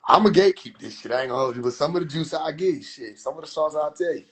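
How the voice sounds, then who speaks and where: Slightly high and a bit rough, this young man's voice races along animatedly as he reviews his own clips. His commentary is casual and profane, full of exasperation and disbelieving shouts.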